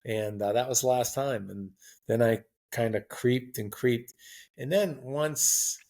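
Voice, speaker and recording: A man in his sixties chatting as a podcast guest, telling long rambling stories in a relaxed, anecdotal way. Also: medium pitch, slow pace. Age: 60s. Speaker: guest marathon runner. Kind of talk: casual interview chat.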